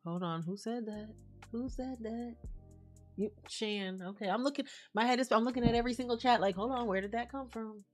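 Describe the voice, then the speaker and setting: A woman's voice: on the high side, brisk, soft background music. A woman streaming live, chatting casually and reading out and answering messages from her chat. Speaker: livestreamer.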